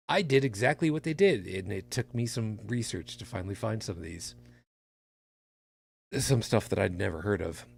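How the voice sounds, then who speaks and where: A tired man hosting a podcast, reading jokey horoscopes in a casual, animated way. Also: gravelly. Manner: animated, jokey delivery with big pitch swings. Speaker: podcast host.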